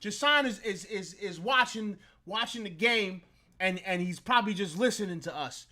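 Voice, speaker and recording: A man's voice: high-pitched, animated, normal speed, bright, forceful tone. A man hosting a live sports talk stream, playful and laughing a lot as he trash-talks. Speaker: host.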